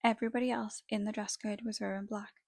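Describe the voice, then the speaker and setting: A woman's voice: medium pitch, level tone, fast talker, vocal fry, dry recording. A young woman telling a story in a chatty vlog style, full of fillers. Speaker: makeup artist vlogger. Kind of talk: casual storytime while doing makeup.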